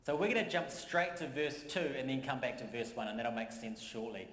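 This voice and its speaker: A man's voice: medium pitch, lively intonation, a little fast, fairly bright tone. A man preaching a sermon as pastor, in a conversational way that repeats phrases for emphasis. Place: church. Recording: echoey church hall.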